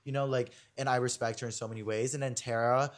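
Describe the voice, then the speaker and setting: Fast-talking young man rambling on a podcast. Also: medium pitch, level tone. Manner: rambling, filler-heavy speech full of online slang. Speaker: podcast host. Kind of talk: casual chat.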